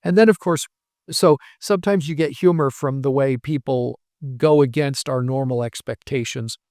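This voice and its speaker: A male professor speaks in a patient, explanatory way, building his points from everyday examples. His voice has a gravelly edge and sits at an ordinary middle pitch. The recording is dry, with little room sound around him. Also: moderate pace, a little mellow, dry recording. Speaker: language professor as guest. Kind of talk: explanatory interview talk.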